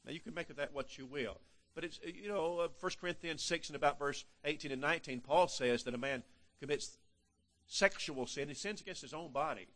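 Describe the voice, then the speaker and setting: An older man preaches with a slightly high voice. His delivery is emphatic: it swings between loud, stressed passages and quiet, hushed ones, and he often repeats his words as he builds a point. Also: a little fast. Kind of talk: sermon.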